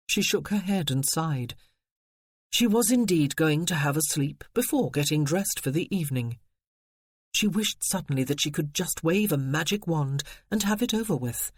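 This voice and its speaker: An audiobook narrator giving expressive scripted narration of a period romance. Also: mid-range voice, breathy edge, dry recording, clean studio sound. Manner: expressive storytelling.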